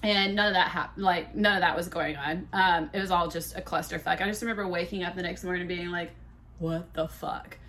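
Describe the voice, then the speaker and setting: Bright-voiced woman telling a candid story. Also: lowish voice, fast, hardly any pauses, slight background noise. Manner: candid, profane, animated retelling. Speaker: podcast host. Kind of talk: casual storytelling monologue.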